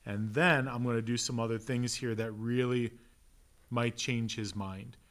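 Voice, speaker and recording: A pastor teaching a relaxed Bible class, conversational and joking, with an Upper Midwest American accent. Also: male voice, mid-range voice. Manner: conversational, asks "right?" often, acts out quick voices. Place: church classroom.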